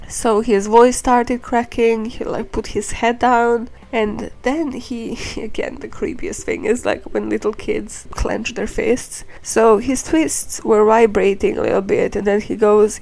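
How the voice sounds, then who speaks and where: Gravelly chatty woman podcast host. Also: fairly high pitch, a little mellow, poor audio. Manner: chatty and irreverent, swears, filler-heavy. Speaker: true crime podcast host. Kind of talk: casual true crime storytelling.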